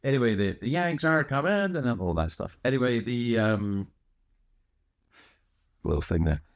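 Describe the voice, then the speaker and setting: A man from Scotland with a Scottish accent softened toward American, hosting a podcast in a casual, rambling, animated monologue full of asides. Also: mid-range voice, unhurried. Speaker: podcast host.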